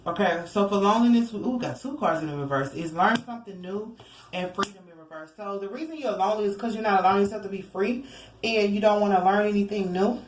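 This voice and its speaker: A woman's voice: mid-range voice, quick pace, slight background noise. Woman tarot reader, casual and meandering, mid-range voice, roomy echo. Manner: rambling, chatty, fillers and asides. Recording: echoey room, faint ambience.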